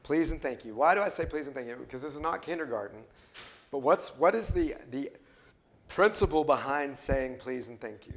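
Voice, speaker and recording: A man teaches a faith lesson in an easy, conversational way, putting questions to the room as he goes. He often circles back and restarts his phrases mid-thought, and his pitch sits in a middle range. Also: expressive, moderate pace. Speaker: Bible study teacher. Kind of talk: interactive class teaching.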